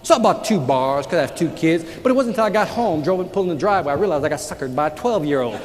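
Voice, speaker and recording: A man giving a live motivational sales keynote, telling stories with sudden loud outbursts. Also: fairly high pitch, animated, racing. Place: large conference hall with audience. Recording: reverberant hall, audience noise.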